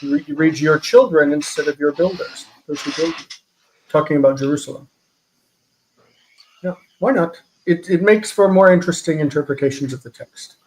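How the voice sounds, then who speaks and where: A man leading a live online Hebrew grammar class, explaining patiently and reading Hebrew aloud quickly. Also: fairly high pitch, rough recording.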